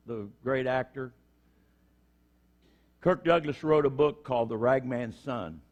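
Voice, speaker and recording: A man's voice: medium pitch, muffled recording. A middle-aged man preaching a conversational sermon in church, acting out short quotes as he goes. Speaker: prison minister preaching.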